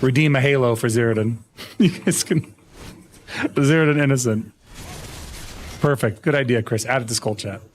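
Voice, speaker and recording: Speaking at a normal speed in a mid-range voice, with long pauses, a young adult man chats casually on his live game stream. He keeps playfully and mock-indignantly protesting his innocence, laughing frequently.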